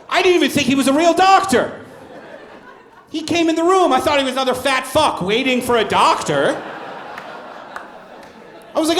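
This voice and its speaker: A man's voice: extremely high pitch, fairly bright tone, a little hiss or hum. A male stand-up comedian performing a brash, profane, self-mocking set on a comedy club stage. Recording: roomy comedy club sound.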